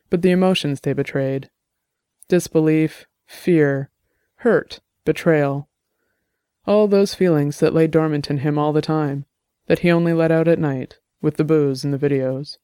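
A man narrating an audiobook in a measured, even storytelling manner. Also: fairly high pitch, clear, resonant tone, no echo, clean studio sound. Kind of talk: scripted narration.

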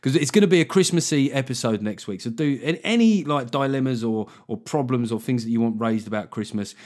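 A man's voice: medium pitch, expressive, fairly quick, darkish tone. A middle-aged man hosting a solo comedy podcast, rambling wryly and swearing as he goes. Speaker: podcast host.

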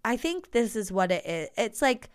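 Podcast co-host, woman, chatty and animated, crisp clean voice. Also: on the high side, moderate pace. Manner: chatty and animated, heavy use of "like". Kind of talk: casual chat.

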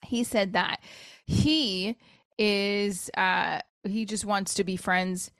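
This forty-year-old podcaster talks alone on her show with easy candor, cursing without hesitation and leaping from subject to subject. She speaks slowly at a medium pitch, her intonation fairly even and her tone a bit bright.

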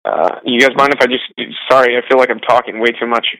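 A man's voice: medium pitch, steady tone, fast talker, sharp tone, no echo, low-quality recording. A young man working as a caddie, rambling through stories in a casual, self-deprecating way. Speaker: golf caddie being interviewed. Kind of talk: casual storytelling.

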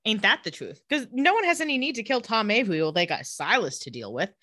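A woman's voice: quick pace, dry recording, clean studio sound. A woman co-hosting a podcast, casually recapping a TV episode and acting out the characters' lines. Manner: animated, dips into low voices for characters. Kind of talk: casual chat with acted-out quotes.

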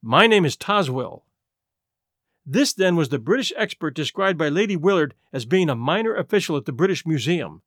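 A man narrating a detective story in the first person, reading in an expressive, animated way. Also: fairly high pitch, fairly quick, few pauses, no echo, clean studio sound. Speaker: audiobook narrator.

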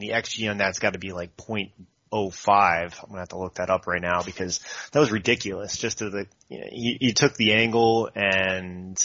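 A man co-hosting a casual football podcast, breaking down plays in a measured way with fillers. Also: low voice, sharp tone, dry recording. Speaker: podcast co-host. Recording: dull lo-fi podcast audio.

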